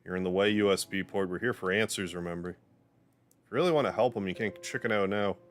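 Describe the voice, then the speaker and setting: A man's voice: low voice, brisk, close to an everyday voice. A man voicing a brash, pushy young female thief while reading a game's story aloud, teasing and blunt. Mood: impatient.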